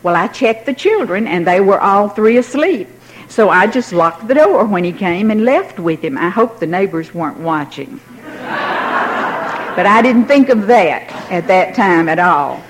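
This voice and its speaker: A woman's voice: mid-range voice, expressive, measured pace, slight background noise, poor audio. An older woman telling a personal story in a wry, self-mocking way, laughing now and then.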